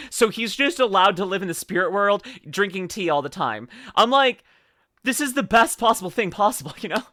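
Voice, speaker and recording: Bright, rambling streamer on a dry mic. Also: mid-range voice, dry recording. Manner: rambling, excitable, lots of "like" and laughter. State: tearing up. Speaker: streamer reacting to a video. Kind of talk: casual reaction commentary.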